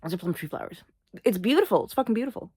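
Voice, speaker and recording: A woman's voice: mid-range voice, lively intonation, rapid-fire, a little mellow, husky, no echo, studio quality. A sleepy, sniffly young woman vlogging in casual, rambling chat, swearing freely. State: sleepy, yawning; sniffly, congested.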